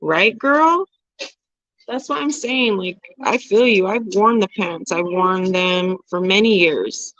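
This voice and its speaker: A woman's voice: mid-range voice, slow, fairly bright tone, no room sound. A woman in her forties chats frankly with her livestream viewers, reading their comments aloud and laughing often. Her talk is loose and candid, with casual swearing. The sound is dry and a little dull, recorded close with almost no room around it. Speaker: livestream host.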